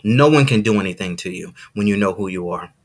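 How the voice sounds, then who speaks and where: This is a man with a fairly low voice who hosts his own podcast and talks straight to his listeners. He preaches motivation like a sermon, leaning hard on repeated lines and a punchy "see". His delivery is excited and emphatic. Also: brisk. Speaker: podcast host. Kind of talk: motivational live-stream monologue.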